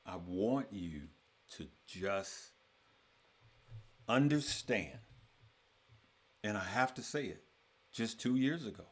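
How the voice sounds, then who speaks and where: A man's voice: on the low side, expressive, takes it slowly, pauses often, slightly rough. A man hosting a trading course, talking casually to his members and repeating phrases for emphasis.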